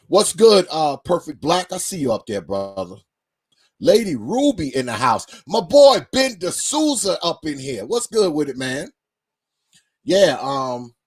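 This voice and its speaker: Man, live-stream host, casual slangy talk, lively swinging pitch, husky edge. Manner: animated, loose and slangy, greets viewers in chat.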